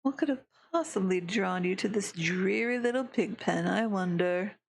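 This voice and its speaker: A woman's voice: mid-range voice, normal speed, gravelly, husky. A woman voicing a languid, sneering young male monster, drawling every line with derision while reading a visual novel aloud. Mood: derisive.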